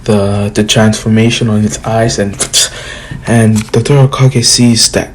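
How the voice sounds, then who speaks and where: A man's voice: lowish voice, fairly even intonation, measured pace, slight background noise, rough recording. A young man casually retelling a fan story in a rambling way, full of fillers and restarts.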